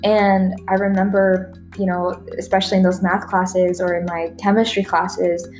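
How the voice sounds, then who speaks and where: A woman's voice: fairly low pitch, level tone, moderate pace, a little mellow, faint music behind. A woman in her thirties from Texas, a native Spanish speaker, talking casually as a podcast guest, laughing often and acting out remembered conversations. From Texas, USA.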